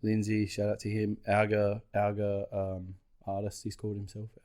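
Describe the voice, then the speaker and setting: A man's voice: on the low side, completely flat delivery, moderate pace, darkish tone. A man co-hosting a podcast with his brother, in casual, rambling banter that is full of swearing and self-mockery. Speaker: podcast co-host.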